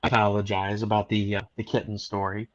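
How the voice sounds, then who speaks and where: A man's voice: fairly low pitch, monotone, fast, highs cut off. A man hosting a podcast in casual chat, a rambling storyteller with many restarts, talking from home. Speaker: podcast host.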